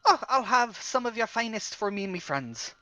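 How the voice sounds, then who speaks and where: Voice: mid-range voice, big pitch swings, normal speed, pushed and bright, no room sound. A player in a tabletop game, bantering jovially in and out of character.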